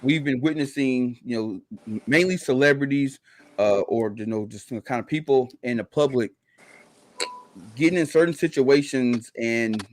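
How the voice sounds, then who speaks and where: A man co-hosting a podcast in a mid-pitched voice. He explains things steadily and plainly, pausing on an occasional "um". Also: background noise. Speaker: podcast co-host. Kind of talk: casual explaining.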